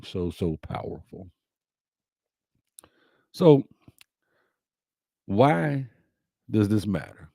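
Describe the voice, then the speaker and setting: Slow, emphatic man. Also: mid-range voice, mellow, dry recording, studio quality. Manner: slow, emphatic, repeats key lines. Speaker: host. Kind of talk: inspirational talk to a live audience.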